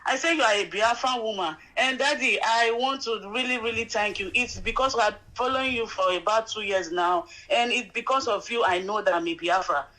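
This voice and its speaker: A woman phoning in to a show talks earnestly and emotionally, and she circles back over her points. Her voice sits high and sounds bright and forward. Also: fairly quick, few pauses, rough recording. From Nigeria. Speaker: caller. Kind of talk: call-in chat.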